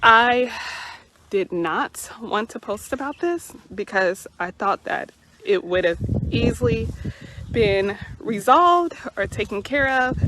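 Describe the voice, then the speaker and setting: A woman's voice: medium pitch, fairly bright tone, slight background noise. A woman vlogger emotionally retelling a personal incident. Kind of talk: personal storytelling to camera.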